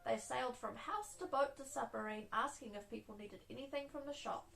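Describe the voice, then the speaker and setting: A woman's voice: on the high side, a little fast, creaky, a bit bright, faint music behind, low-quality recording. A woman reading a picture book aloud to children. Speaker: children's storyteller.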